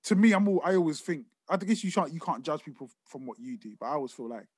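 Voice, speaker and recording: A young man telling stories on a podcast, animated and swearing, often laughing. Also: a little high, fast talker, breathy edge, dry recording, clean studio sound. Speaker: podcast co-host. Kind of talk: casual chat.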